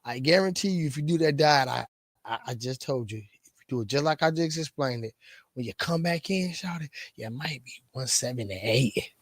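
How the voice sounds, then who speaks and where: A man's voice: on the high side, a little fast, no echo, studio quality. A middle-aged man coaching fitness, talking casually to the camera, often repeating words and restarting lines. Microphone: camera mic.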